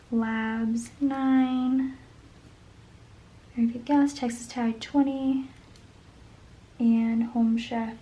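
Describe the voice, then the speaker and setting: A woman with a slightly high voice chats casually while planning her budget at home. She thinks aloud and sometimes murmurs the sums under her breath. A faint hiss sits under the recording. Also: steady tone, extremely slow, pauses often, mellow, low-quality recording. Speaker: budget vlogger.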